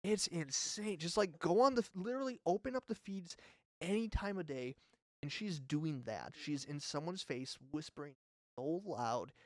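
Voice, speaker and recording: A man's voice: on the high side, lively intonation, normal speed, dry recording, clean studio sound. A man co-hosting a casual fan podcast, chatty and filler-heavy, laughing often. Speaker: podcast co-host.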